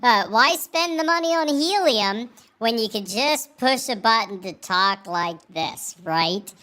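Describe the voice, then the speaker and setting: Pitched-up voice effect, bright and piercing, chatty, laughing, a man talking through it. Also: animated, unhurried, exaggerated voice. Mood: amused. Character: giggly pitched-up helium version of the host. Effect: pitch-shifted up by a voice effect button. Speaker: host. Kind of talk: casual vlog chat.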